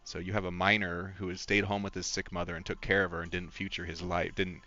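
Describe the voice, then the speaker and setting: A man chats through a game stream in a rambling, candid, openly emotional way. His voice is low but bright and forward. The stream audio is a little dull, with faint music behind him. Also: little pitch movement, quick pace. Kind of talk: casual live-stream chat.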